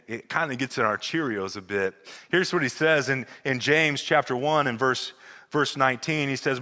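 A man preaching a sermon as pastor, earnest, often repeating words and dropping to a soft, intimate tone. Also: mid-range voice. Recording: long hall reverb.

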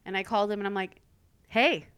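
A young woman hosts a casual podcast and tells a personal story with energy. She fills her talk with "like" and drops the odd swear word. Her pitch sits in the middle for a woman. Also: normal speed, smooth. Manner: animated storytelling, filler "like", swearing. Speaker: podcast host. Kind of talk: casual chat.

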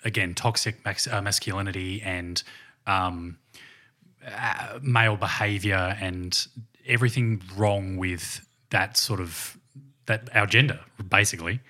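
Measured male co-host, bright tone. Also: lowish voice, fairly even intonation. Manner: measured, hesitant, searching for words. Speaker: podcast co-host. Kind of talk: casual film discussion.

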